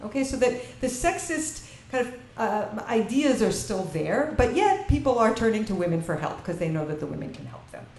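In an echoey lecture room with faint background noise, a woman lecturer teaches a Bible class, quizzing her audience and reading verses in Hebrew before translating them. Her voice is fairly high and a little mellow, very animated, at a moderate pace with hardly any pauses.

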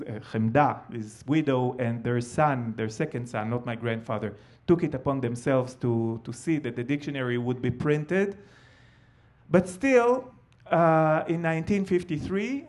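Man, Hebrew, animated live storyteller, voice sits a bit high. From Israel. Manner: animated, with frequent fillers.

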